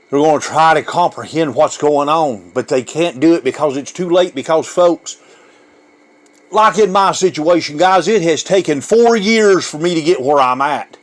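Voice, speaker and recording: A man preaching an emotional sermon, fervent and given to repeating words as he pushes on. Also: fairly high pitch.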